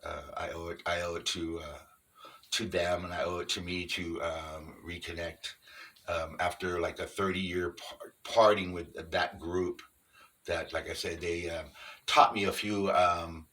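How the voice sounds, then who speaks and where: A middle-aged man in an unscripted monologue, explaining things earnestly step by step in a halting way. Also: sits low, little pitch movement, fairly bright tone, far from the mic. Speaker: vlogger on Sasquatch encounters.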